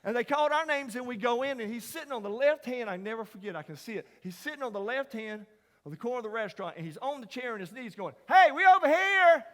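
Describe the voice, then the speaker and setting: A middle-aged man telling a personal story as a sermon, folksy and dramatic, dropping to hushed asides and rising to loud emphasis. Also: very high voice, lively intonation, fast. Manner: folksy, dramatic storyteller, drops to whispers and rises to near shouts. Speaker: chapel speaker. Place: large university chapel. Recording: long hall reverb.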